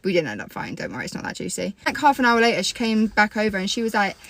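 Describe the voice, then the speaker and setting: Fast-talking young woman storyteller. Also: mid-range voice, dry recording. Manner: animated, swears freely, fast storytelling. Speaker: social media creator. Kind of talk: casual story time.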